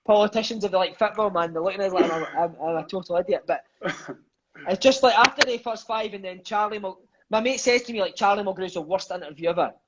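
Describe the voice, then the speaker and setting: Scottish man, 30s, raised-pitch chatty storyteller, swears a lot, lo-fi dull audio. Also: a bit bright. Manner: swears freely, fills lines with "mate" and "aye", quick enthusiastic storyteller. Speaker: podcast guest. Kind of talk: casual storytelling chat.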